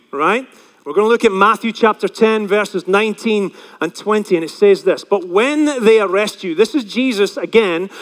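A man preaching a sermon as pastor, telling stories with animated delivery and acting out the voices of the people he quotes. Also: sits high, big-room sound.

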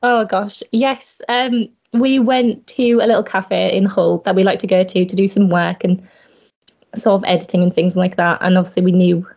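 A woman's voice: mid-range voice, fairly even intonation, moderate pace. A woman with a light Yorkshire accent, a guest on a podcast, talking in a modest, friendly way. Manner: modest, friendly, with soft laughs. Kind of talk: casual interview chat.

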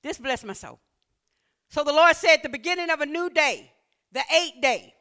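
A woman preacher delivering a sermon with call-and-response, slipping into sing-song scripture reading and building to shouts. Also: high voice, expressive, normal speed.

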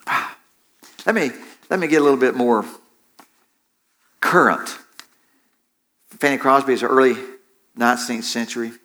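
A man's voice: medium pitch, sharp tone. A male preacher giving a sermon who often restarts phrases and draws the congregation into call-and-response. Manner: repeats himself, engages the congregation with call-and-response.

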